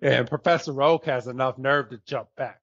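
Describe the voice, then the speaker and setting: Dude rambling thru a podcast recap, lotsa ums and restarts, kinda muffled lo-fi audio. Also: male voice, medium pitch, normal speed. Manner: rambling, many fillers and restarts, laughs often. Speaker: podcast co-host. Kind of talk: casual chat recapping an episode. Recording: slightly dull lo-fi audio.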